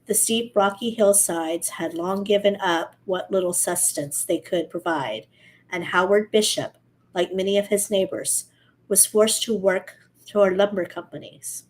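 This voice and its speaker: A woman's voice: mid-range voice, a little slow, poor audio. A woman co-hosting a podcast, reading a story aloud casually and steadily, now and then correcting herself.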